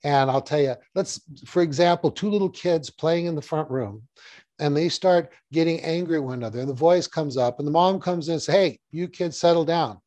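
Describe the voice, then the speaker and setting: Middle-aged guy chatting thru a hypnosis lesson, mellow voice, dry close sound. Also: on the high side, brisk, dry recording. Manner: storytelling, conversational, repeats key phrases. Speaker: hypnotherapy trainer. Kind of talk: casual teaching talk to camera.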